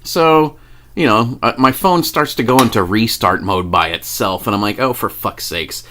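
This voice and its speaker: A man's voice: on the low side, normal speed, pushed and bright, a little hiss or hum. A man telling a story to camera in a casual, profane way, laughing often. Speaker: vlogger.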